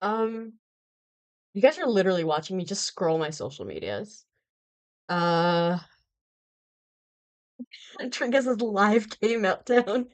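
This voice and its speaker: A woman's voice: medium pitch, very animated, slow, pauses often. A woman hosting a live hockey reaction stream, exclaiming and laughing in alarm as she reacts to team news. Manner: panicked, exclaiming, laughing, repetitive.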